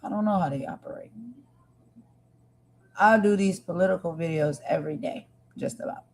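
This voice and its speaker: A woman's voice: fairly low pitch, normal speed, slight background noise, rough recording. A woman hosting a live stream, talking with feeling and emphasis, repeating her points and speaking straight to her viewers. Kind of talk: impassioned live stream commentary.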